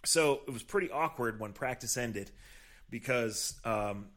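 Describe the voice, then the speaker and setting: A man's voice: mid-range voice, a little slow. A man co-hosting a casual podcast, telling stories from practice and acting out what people said. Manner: animated storyteller who acts out quotes. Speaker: podcast co-host, team reporter. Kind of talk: casual podcast chat, storytelling.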